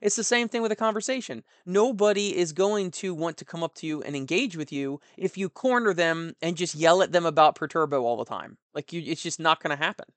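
A man's voice: on the high side, no room sound. Rambling, frank young man, dry close sound. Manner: rambling, frank, animated asides. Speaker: tabletop gaming commentator. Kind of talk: casual monologue.

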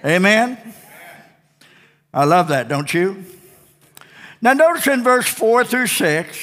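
A man's voice: high voice, sing-song, slow, pauses often, sharp tone, long reverb tail. A male pastor preaching a Sunday night sermon, emphatic and repetitive, with whooping exclamations.

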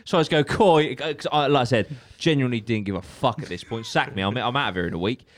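A young man telling a story on a podcast, animated and sweary, laughing often. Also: mid-range voice, quick pace. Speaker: podcast co-host. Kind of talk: casual storytelling chat.

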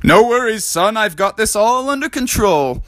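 A man's voice: high voice, lively intonation, normal speed, fairly bright tone, a little hiss or hum, voice pushed up. A man doing a goofy boastful surfer-dude frog dad. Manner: laid-back, boastful.

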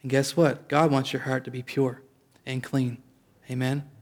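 A man's voice: medium pitch, little pitch movement, normal speed. A man preaching a sermon as pastor, in a conversational way, often restarting and calling out for an amen.

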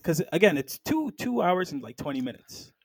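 A man co-hosting a podcast, casually talking through a film and slipping into quick impressions of its characters. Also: sits high, sing-song, slightly rough, dry recording. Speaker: podcast co-host.

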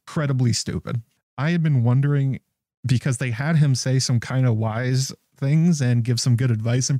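Mellow-voiced man recapping a TV episode. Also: mid-range voice, no room sound, studio quality. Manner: incredulous, chuckling, rambling with restarts. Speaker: show recap host. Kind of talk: casual TV recap commentary.

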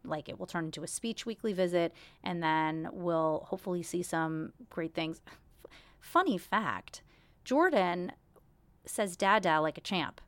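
A woman's voice: on the low side, expressive, measured pace, no echo. Chatty woman podcast host, dry close sound. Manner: chatty, candid, self-deprecating. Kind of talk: casual solo podcast chat.

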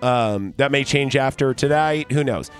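A man's voice: mid-range voice, unhurried, soft background music. Heated, profane man hosting a podcast. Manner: heated, profane, retelling a fight with quoted dialogue. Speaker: podcast host. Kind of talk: casual podcast storytelling.

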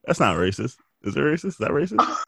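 A man's voice: on the high side, huge pitch swings, fast talker, vocal fry, fairly bright tone, slightly rough, no room sound. Teasing man in dry casual chat. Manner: rambling, teasing, laughs often.

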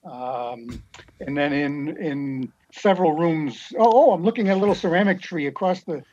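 A man chats as a guest, easing through long, rambling stories in a laid-back way. His voice sits a little high. The sound is dull and lo-fi. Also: normal speed, a little mellow. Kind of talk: casual chat.

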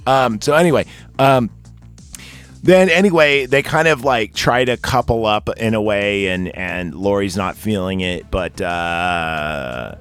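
A man casually recapping a slasher movie on a podcast, rambling and swearing, slipping into high quoted voices. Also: measured pace, a bit bright, clear, resonant tone, soft background music. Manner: profane, rambling, jumps into squeaky quoted voices. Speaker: podcast host.

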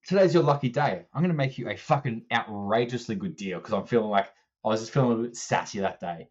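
A man co-hosting a casual podcast, telling an animated story and acting out both sides of the conversation, swearing now and then. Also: mid-range voice, a little fast, muffled recording. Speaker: strength coach co-host.

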